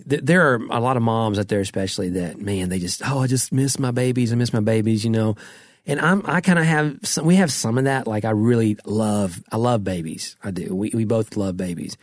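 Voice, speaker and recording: A man's voice: fairly low pitch, lively intonation, fast, dry recording, studio quality. A man in his thirties co-hosting a casual podcast chat, telling stories about his family and laughing at his own anecdotes. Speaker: podcast co-host.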